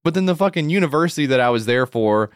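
A man's voice: a little high, expressive, quick pace, no echo. Man, comedy podcast co-host; swears freely, rambles through anecdotes, dead-dry studio sound. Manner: profane, rambling, laughs through his story. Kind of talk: casual comedic storytelling.

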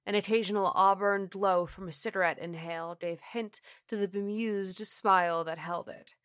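A woman narrating a scripted horror story in a measured, deliberate reading. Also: medium pitch, steady tone, fairly bright tone, clear, resonant tone, no echo, clean studio sound.

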